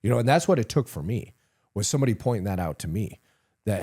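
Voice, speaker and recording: A man's voice: fairly low pitch, sing-song, fast talker, mellow. A middle-aged man, a retired senior soldier, telling stories candidly as a podcast guest, acting out dialogue, swearing casually and laughing at himself. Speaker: retired command sergeant major, guest. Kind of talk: candid conversational storytelling.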